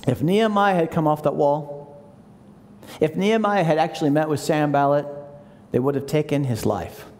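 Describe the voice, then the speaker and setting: Animated high-voiced pastor in a reverberant church. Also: male voice, moderate pace. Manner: animated, acts out voices of the people he quotes; leads the congregation in call-and-response. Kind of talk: sermon. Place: large church hall. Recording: long hall reverb.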